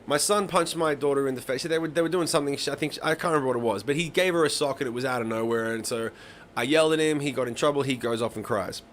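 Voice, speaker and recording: A man's voice: medium pitch, fast, few pauses, a bit bright, a little hiss or hum. A man in his thirties hosting a live songwriting stream, chatting casually and swearing freely as he tells rambling stories. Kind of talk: casual chat to a live audience.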